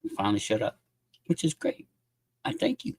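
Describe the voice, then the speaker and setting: A man's voice: on the low side, wildly swooping pitch, moderate pace, darkish tone, husky, no room sound, clean studio sound. A man hosting a casual livestream, rambling and talking bluntly with plenty of swearing. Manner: profane, blunt, laughing. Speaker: livestream host.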